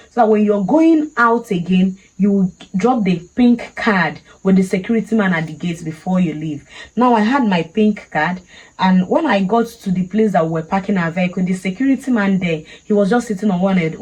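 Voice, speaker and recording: A woman's voice: medium pitch, a little fast, darkish tone, slightly rough, low-quality recording. A woman with a Nigerian accent, telling a personal story casually and animatedly, laughing often. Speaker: vlogger.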